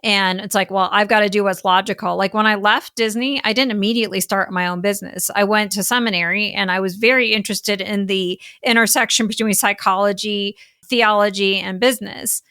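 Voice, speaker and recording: A middle-aged woman, a business coach talking as a podcast guest, animated and full of "like" fillers. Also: medium pitch, a little fast, smooth, dry recording, studio quality. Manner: animated, heavy use of "like" fillers. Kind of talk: casual podcast interview chat.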